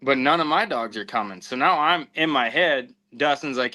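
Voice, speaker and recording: Man, podcast host type, animated storyteller with a bright forceful tone, quotes people as he goes. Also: medium pitch, moderate pace, hardly any pauses, rough recording. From southwestern United States. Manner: animated anecdote-telling with acted-out quotes. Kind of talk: casual storytelling.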